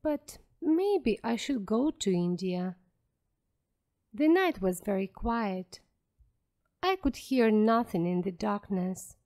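Slow clear woman reading a story. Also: medium pitch, expressive, darkish tone. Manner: clear, careful and deliberate. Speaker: audiobook narrator. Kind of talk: slow graded-reader narration for learners.

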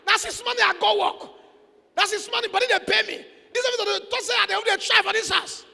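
Guy playing a busy nigerian wife, whiny excuses on repeat, high and sharp, echoey hall. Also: fairly even intonation, quick pace, creaky, exaggerated voice. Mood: pleading excuses. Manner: pleading, dismissive, repetitive. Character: harried busy wife brushing off cooking.

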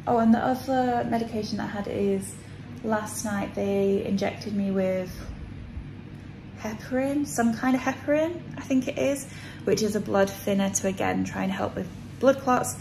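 A woman's voice: medium pitch, normal speed, vocal fry, background noise. A woman vlogging in casual chat to camera, tired and a little out of breath, rambling with lots of fillers, recorded on a phone in a small room.

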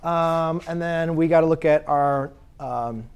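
A man's voice: fairly high pitch, a little slow, a little mellow, smooth. Man teaching a math class. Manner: conversational, asks students questions, self-correcting. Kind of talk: classroom lecture.

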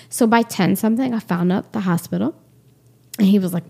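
A woman in her forties speaks as a podcast guest and tells her own story candidly. Her voice carries a gravelly, fry-touched edge at a middle pitch. She gets animated and acts out the quoted back-and-forth. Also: a little fast.

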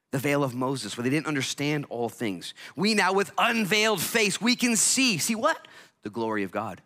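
A male pastor preaching a sermon, swinging from hushed lines to loud, energetic outbursts and acting out voices. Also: mid-range voice. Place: church.

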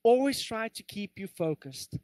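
A man preaches from the pulpit with earnest, animated energy, slipping into joking asides. His voice sits high for a man. The sound is close and dry. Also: measured pace, dry recording. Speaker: pastor. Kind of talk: sermon. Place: church.

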